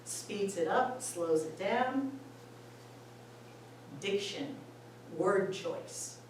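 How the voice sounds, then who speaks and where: A woman explains poems to a roomful of singers in an easygoing, chatty way. She talks slowly and laughs often. She is heard from well off the mic in a hall full of echo, with a faint hum behind her. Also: mid-range voice, animated. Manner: chatty and unhurried, laughs often, reads lines aloud. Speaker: former school administrator giving a talk to choir singers. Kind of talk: informal talk on poetry. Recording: echoey room, voice far from the mic, faint background noise.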